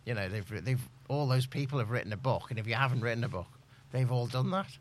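A man's voice: mid-range voice, fast, slight background noise. A man in casual group chat, hesitant and full of restarts.

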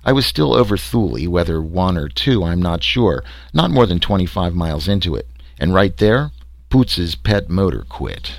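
A man's voice: sits low, big pitch swings, moderate pace, gravelly, no echo, heavily acted. A man voicing a wry, sarcastic explorer recounting his trek. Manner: sarcastic, dry storytelling.

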